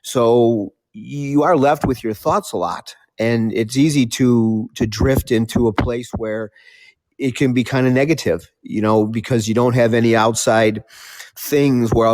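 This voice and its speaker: An older man talking in a measured, thoughtful way about his life, often restarting his sentences. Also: mid-range voice, steady tone, a little mellow, dry recording. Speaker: talk show speaker. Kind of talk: reflective casual talk.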